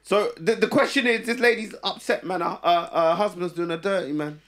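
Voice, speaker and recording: A man co-hosting a casual podcast chat, animated, reading a listener's question aloud. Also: high-pitched, fairly quick. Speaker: podcast co-host.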